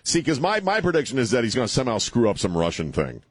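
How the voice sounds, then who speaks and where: A man's voice: mid-range voice, huge pitch swings, fast, breathy edge, no room sound. A man hosting a talk radio show, rambling and sarcastic, laughing at his own jokes. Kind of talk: casual talk radio banter.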